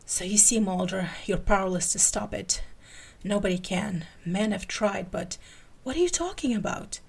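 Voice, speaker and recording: A woman's voice: mid-range voice, normal speed, gravelly, husky. A woman voicing an impatient, theatrical male rogue agent in a fan-fiction reading, exasperated and conspiratorial.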